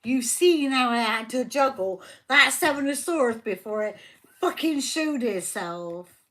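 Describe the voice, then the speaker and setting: A woman's voice: on the high side, expressive, measured pace, fairly bright tone. A woman giving a live tarot reading, heated and fiercely protective of her viewer, swearing constantly. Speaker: tarot reader.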